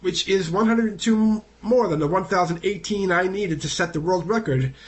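A man reading a newspaper feature aloud, with lively lifts in his voice for quotes and the numbers he counts out. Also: sits high, normal speed. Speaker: reader of a news feature.

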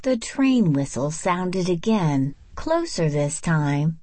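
A woman reading a storybook aloud in a measured, expressive narration. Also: lowish voice, dry recording. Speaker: audiobook narrator.

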